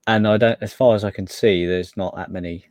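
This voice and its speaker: Man, podcast co-host, hesitant, self-correcting, lowish voice, dry sound. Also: steady tone, brisk, a little mellow, no echo. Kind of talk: casual gaming news chat.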